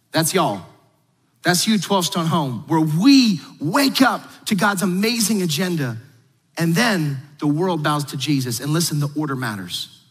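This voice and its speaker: Man, pastor, fairly high voice, teaching sermon, big reverberant hall. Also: fairly bright tone. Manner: confident teaching, addressing the online congregation.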